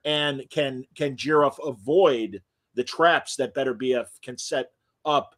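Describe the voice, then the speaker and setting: A man's voice: medium pitch, measured pace. A man hosting an interview show, chatting casually and praising his guest with an encouraging manner. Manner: warm, encouraging, effusive praise. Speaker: host.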